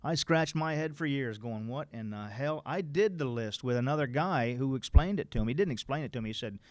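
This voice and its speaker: A man's voice: mid-range voice, animated, a little fast, no echo. Blunt-talking man leading a recovery workshop. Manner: plain-spoken, blunt, reads passages aloud then explains them. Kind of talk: informal workshop talk.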